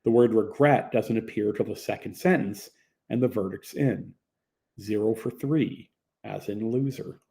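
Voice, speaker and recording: A man's voice: lowish voice, unhurried, warm tone. A young man narrating a first-person audiobook in a plain, conversational storytelling manner.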